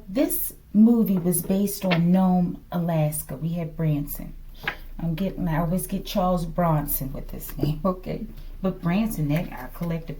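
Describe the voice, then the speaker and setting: A woman with a slight lisp talks through a tarot reading at a slow, unhurried pace. Her voice is soft and mellow. She speculates out loud and keeps addressing her listeners as "collective". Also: mid-range voice, a little hiss or hum. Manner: speculative, repeats "collective" and "okay?"; slow, drops to whispers at times. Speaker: tarot reader. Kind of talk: casual tarot reading to viewers.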